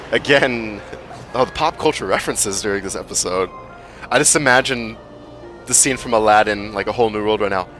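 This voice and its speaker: A man's voice: fairly low pitch, a bit bright. A young man giving casual, chatty gameplay commentary, swearing freely and cracking jokey asides. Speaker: let's play gamer.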